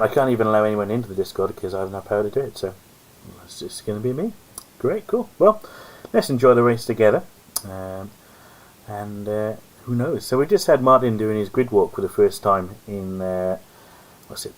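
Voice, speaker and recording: A man with a fairly low, slightly mellow voice chats alone on a live-stream, rambling casually and poking fun at himself. The audio is poor.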